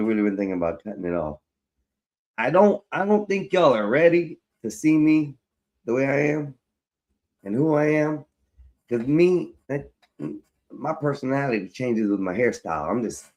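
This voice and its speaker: A man's voice: mid-range voice, a little mellow. A man chatting casually to viewers on a live stream, loose and profane, rambling and talking to his audience as y'all. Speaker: livestreamer. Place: at home, fixing his hair on camera.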